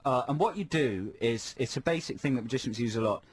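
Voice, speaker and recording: A man co-hosting a radio show, chatty and explanatory, quick to laugh. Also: medium pitch, animated, slightly rough. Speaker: radio co-host. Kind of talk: casual radio chat. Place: radio studio. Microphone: studio microphone.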